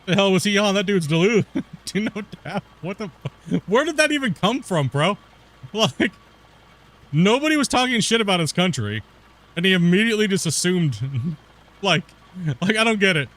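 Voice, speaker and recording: A man's voice: high voice, big pitch swings, normal speed, a bit bright. A young man from the northern US border country with a Pacific Northwest accent and a hint of West Coast Canadian. He hosts a casual gaming stream, talks in loose slang, calls people bro and dude, and laughs a lot. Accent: Pacific Northwest US, with West Coast Canadian touches. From northern US near the Canadian border. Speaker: game streamer.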